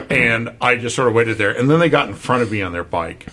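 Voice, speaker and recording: A man on a casual podcast telling a story and swinging his voice up high to mimic other people. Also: animated, fairly quick, fairly bright tone, a little hiss or hum. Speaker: podcast co-host. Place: San Francisco area.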